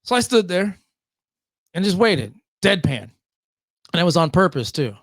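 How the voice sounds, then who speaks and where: A middle-aged man from Michigan, a podcast guest, telling stories in an animated way and acting out the voices of the people in them. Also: high voice, moderate pace, creaky, no echo, clean studio sound. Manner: acts out quoted voices. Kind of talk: animated storytelling.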